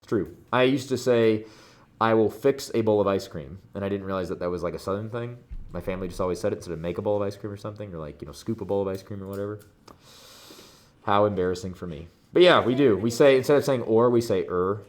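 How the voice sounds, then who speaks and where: A man with a Midwestern accent, teaching a math review lesson in a classroom, animated and joking as he talks through each step. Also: lowish voice, fast talker, a little hiss or hum. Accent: Midwestern American. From Midwestern United States.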